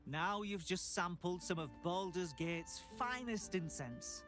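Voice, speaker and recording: An actor playing a refined, vain male shopkeeper in a video game, smooth and flattering, with game music behind. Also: high voice, slow. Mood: suave.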